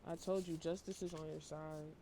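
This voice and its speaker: A worn-out man giving a casual tarot reading to camera, talking in a flat, low-energy monotone and swearing casually. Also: normal speed, creaky, slight background noise. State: emotionally worn out. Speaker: tarot reader.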